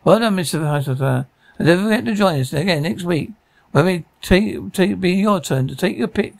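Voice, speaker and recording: A man's voice: sits high, lively intonation, moderate pace, creaky, no echo. A man doing a bumbling quiz show host. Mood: cheery. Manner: fumbling, tripping over words.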